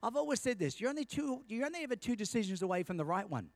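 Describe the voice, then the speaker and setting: Man, middle-aged, senior pastor, storytelling sermon, high pitch. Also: sing-song, rapid-fire, no echo. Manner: storytelling preacher, asks the congregation for amens.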